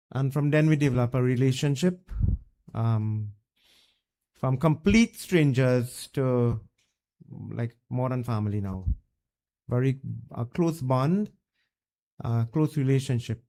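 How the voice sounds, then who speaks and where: A man's voice: medium pitch, moderate pace, long pauses, mellow. A Trinidadian man, a Hindu pundit, giving a funeral eulogy and telling a religious story in a plain, conversational way.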